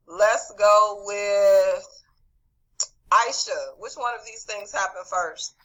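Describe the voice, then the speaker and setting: A woman's voice: medium pitch, slow pace, fairly bright tone, poor audio. A woman teaching over a video call, reviewing a quiz and calling on students by name in an encouraging way. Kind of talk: online class quiz review.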